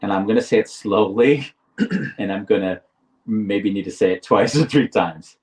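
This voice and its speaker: A man co-hosting a live talk show, explaining ideas deliberately and often restarting his phrases. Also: lowish voice, far from the mic, poor audio. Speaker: podcast co-host. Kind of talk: reflective conversational explaining.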